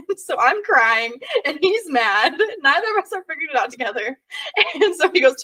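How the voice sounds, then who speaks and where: A woman's voice: high-pitched, sing-song, brisk, bright, forceful tone, recorded from a distance. Giggly young woman telling stories. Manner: giggly storyteller, laughs often. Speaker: podcast co-host. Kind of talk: casual chat.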